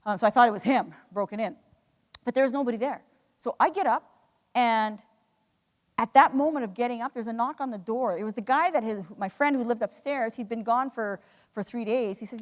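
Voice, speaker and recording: In an echoey hall, a woman with a fairly high voice speaks a little quickly, giving an earnest, emotional motivational talk to a live audience. She tells her own story, restarting often as she goes.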